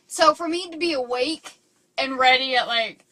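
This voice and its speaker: A woman's voice: high-pitched, moderate pace, bright, forceful tone. A young woman, a college student, co-hosting a podcast in casual chat, rambling and giggly with many "like"s and "um"s. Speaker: podcast co-host.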